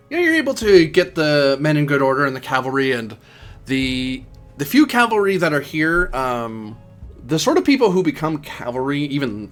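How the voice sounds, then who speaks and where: A man narrating a tabletop game as game master, in a casual, rambling way with many fillers. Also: mid-range voice.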